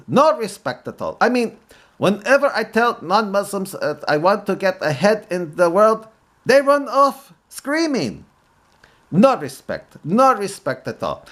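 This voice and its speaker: A man's voice: high voice, fairly bright tone, exaggerated voice. A man doing a griping stand-up comic in a mock Arabic accent. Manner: punchline delivery, catchphrase complaints. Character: put-upon male stand-up comic, self-pitying. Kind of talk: comedic stand-up impression.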